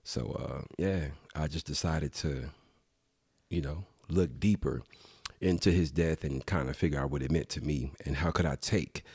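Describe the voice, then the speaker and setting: A man's voice: very deep voice, normal speed, a little mellow, husky, no echo, studio quality. A man from Dallas, a podcast guest talking in a laid-back, reflective way. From Dallas, Texas. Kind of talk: casual podcast conversation.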